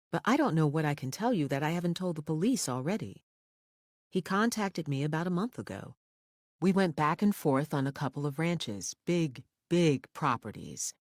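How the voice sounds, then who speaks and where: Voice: mid-range voice, a little mellow, dry recording, studio quality, lightly acted. An audiobook narrator voicing a wary, matter-of-fact woman real estate agent speaking on the phone.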